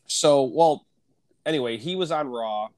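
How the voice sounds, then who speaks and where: Recovering from a cold and still coughing, this wrestling podcast co-host talks in an unhurried, darkish voice of medium pitch with no echo. The chat is relaxed and profane, full of fillers.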